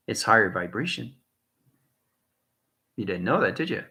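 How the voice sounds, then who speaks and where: A man giving a rambling spiritual monologue, chuckling often and swinging between soft and loud talk. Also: on the low side, animated, measured pace, long pauses, reverberant. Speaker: channel host.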